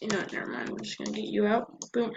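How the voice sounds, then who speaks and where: A woman's voice: mid-range voice, steady tone, racing, creaky. A woman giving casual let's-play commentary, chatting to herself as she plays. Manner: chatty, talks to herself while playing. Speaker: gameplay commentator. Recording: dull lo-fi mic with faint noise.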